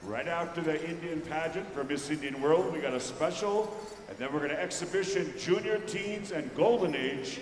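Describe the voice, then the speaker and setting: Man directing drum groups over an echoey arena PA. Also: fairly high pitch. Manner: brisk instructions to drum groups and judges. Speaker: pow wow announcer. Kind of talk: arena announcing. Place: large indoor arena.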